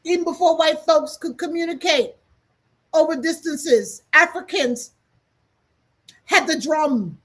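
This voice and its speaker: A woman's voice: high voice, slow, pauses often, a bit bright. A woman teaching in an impassioned, emphatic way on a livestream, repeating phrases for effect. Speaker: spiritual teacher hosting a livestream. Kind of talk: impassioned spoken lesson.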